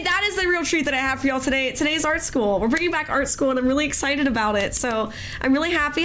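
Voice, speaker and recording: A woman with a hoarse voice after an illness, hosting a casual live art class and greeting chat in a sing-song way. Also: high voice, fast, slight background noise. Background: soft music.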